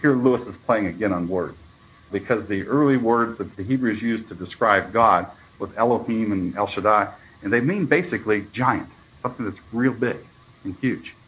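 A man's voice: lowish voice, moderate pace, fairly bright tone, poor audio. A man reading a story aloud and giving reflective, earnest commentary as a Bible study teacher.

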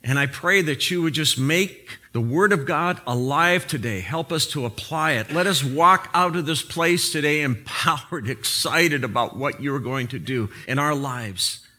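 A man's voice: a little high, unhurried, few pauses. A man preaching a sermon, opening in prayer and telling a humorous story before turning to the message. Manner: animated storytelling with prayer and jokes. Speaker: pastor.

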